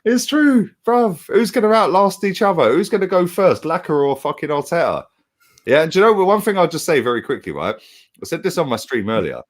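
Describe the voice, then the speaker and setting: A man's voice: on the high side, big pitch swings, a little fast. A young man, co-hosting a casual football chat in a heated, slangy way with plenty of swearing. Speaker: football fan channel co-host.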